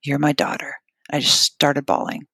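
A middle-aged woman telling an emotional personal story in an interview, halting, with restarts and fillers. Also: deep voice, monotone, pushed and bright, no echo, studio quality. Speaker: guest telling her story.

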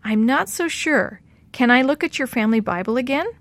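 A woman's voice: a little high, lively intonation, a little fast, no echo, pitched above the performer's own voice. An earnest, caring young girl speaks politely, as a woman reading a storybook puts her on. The sound is dry and close.

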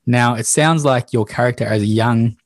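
A man's voice: mid-range voice, moderate pace, no room sound. A man hosting a podcast interview, encouraging his guest and summing up before asking his questions. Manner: encouraging, sums up and leads with questions. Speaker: podcast host. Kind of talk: casual interview.

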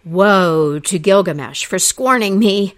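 A woman's voice: high voice, lively intonation, measured pace, gravelly, voice pushed up, exaggerated voice. A woman doing a raging vengeful goddess. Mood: furious. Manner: loud, raised angry delivery. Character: furious vengeful goddess, spoiled and demanding.

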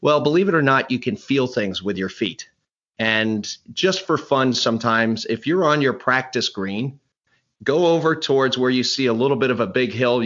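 A man's voice: mid-range voice, fairly bright tone, dull audio. A middle-aged man, a golf instructor, telling rambling anecdotes in a podcast conversation, often restarting and acting out quotes. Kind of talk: conversational storytelling interview.

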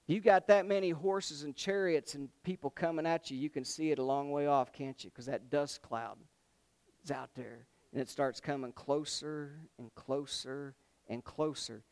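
A preacher with a fairly high, smooth, clear voice. He talks through the sermon in a conversational way and often turns to the congregation with questions. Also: steady tone, moderate pace, darkish tone.

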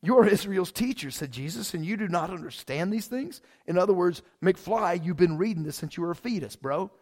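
Guy preaching, kinda high voice, super casual and fired up, keeps saying man. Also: animated, brisk, darkish tone. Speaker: pastor. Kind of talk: sermon.

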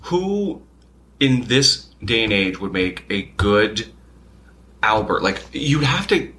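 A man's voice: on the low side, sing-song, takes it slowly, sharp tone. A man co-hosting a podcast in casual chat, rambling and fumbling for names, swearing casually. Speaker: podcast co-host.

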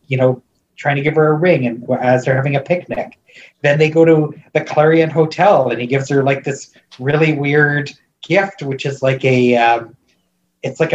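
A podcast co-host, male with a mid-range voice, recaps a movie in relaxed conversation, rambling with plenty of fillers and restarts and sounding amused and incredulous. The recording is muffled, with slight hiss or hum.

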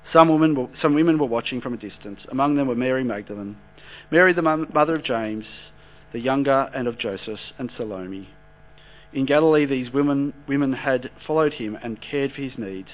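A man giving a sermon, reading a long scripture passage steadily and then explaining it in a conversational way. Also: mid-range voice. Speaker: preacher. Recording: dull lo-fi recording with mains hum.

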